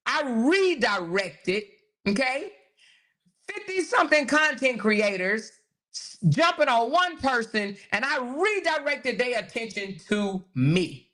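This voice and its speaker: Bright-voiced woman ranting on a livestream. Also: a little high, takes it slowly. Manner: animated, exasperated ranting with mocking quotes; reads live chat aloud. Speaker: host. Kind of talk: livestream commentary.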